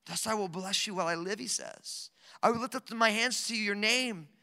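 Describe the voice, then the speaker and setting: A pastor in his thirties delivers a lively sermon, his voice sitting high and sounding piercingly bright. He jokes and rambles through stories with plenty of fillers. The sound rings with the long reverb of a big hall. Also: normal speed, creaky. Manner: animated, joking storytelling with many fillers. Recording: echoey hall recording.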